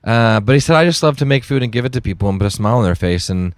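A middle-aged man from Texas, a chef telling an earnest, animated story to an audience, with many fillers and restarts. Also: medium pitch, rapid-fire, smooth, no room sound, clean studio sound. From Dallas, Texas. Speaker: chef giving a talk.

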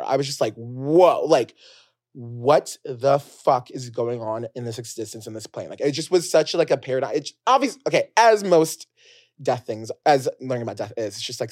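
Guy podcast host rambling thru a story, lots of "like", gets loud then goes quiet, mid voice. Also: mid-range voice. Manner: chatty, full of "like" fillers, dramatic swings from loud to hushed. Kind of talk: casual storytelling monologue.

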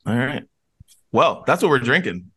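A man co-hosting a casual podcast, teasing his co-hosts in an excitable way. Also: medium pitch, moderate pace, slightly rough, no room sound, studio quality. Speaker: podcast co-host. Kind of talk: casual chat.

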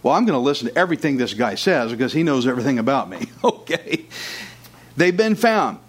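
A man's voice: medium pitch, sing-song, fairly quick. A man preaching a sermon as pastor, conversational, with jokes and asides to the congregation. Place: church.

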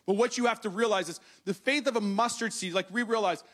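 A male pastor with a fairly high voice preaches to the people in the room. He reads passages of scripture aloud, then unpacks them in a plain, conversational way and speaks straight to his listeners. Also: fast, fairly bright tone. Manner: addresses the congregation directly. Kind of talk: sermon. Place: church hall with congregation.

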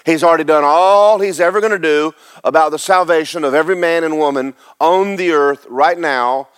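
Here the preacher's voice sits on the high side, fairly bright and clean, at a moderate pace. He reads scripture aloud, then explains it in a casual, conversational style, asking questions and repeating words to stress points.

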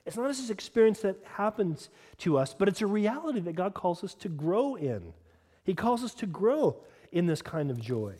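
A man's voice: high-pitched, big pitch swings, moderate pace, mellow. A man preaching a sermon as a pastor, moving between earnest teaching and casual conversational asides. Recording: long hall reverb.

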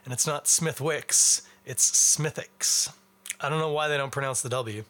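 A man's voice: medium pitch, fast talker, pushed and bright. A middle-aged man from Canada hosting a beer podcast in a chatty, wry, rambling way. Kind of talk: casual beer review chat.

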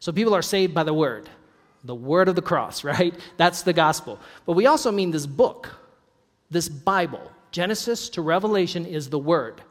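High-voiced pastor in an echoing hall. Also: male voice, animated, moderate pace. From North Idaho. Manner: conversational, joking asides, laughs often. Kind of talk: sermon.

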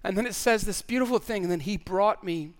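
A man's voice: high voice, brisk. A male pastor preaching a sermon in an earnest way, often repeating words as he stresses a point.

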